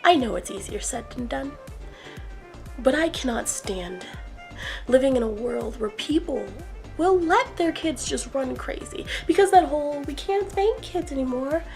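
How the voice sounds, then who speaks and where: A woman with a gravelly, slightly high voice vents in a casual vlog rant. She retells a frustrating story with exasperation and acts out the lines of the people in it. Soft music plays under her voice. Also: a little slow, poor audio. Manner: exasperated, animated retelling with acted quotes. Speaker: vlogger.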